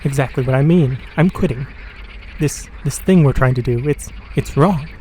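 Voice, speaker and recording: A man's voice: medium pitch, normal speed, warm tone, slight background noise, natural voice, low-quality recording. A man playing a stammering young scientist. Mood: uneasy. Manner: stammering, uneasy. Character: nervous young male scientist.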